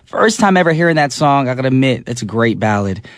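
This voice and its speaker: Fast-talking young male radio DJ. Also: mid-range voice, dry recording. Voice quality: hoarse, recovering from sore throat. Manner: energetic, chatty, laughs easily. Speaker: radio DJ host. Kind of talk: casual radio chat. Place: radio studio. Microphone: studio microphone.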